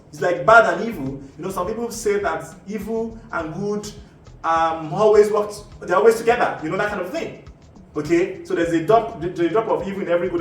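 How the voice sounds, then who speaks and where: High-voiced Nigerian man in an echoey room. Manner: rambling, full of "you know" asides and restarts. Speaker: host. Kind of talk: casual explanatory monologue. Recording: echoey room, mic at a distance, faint background ambience.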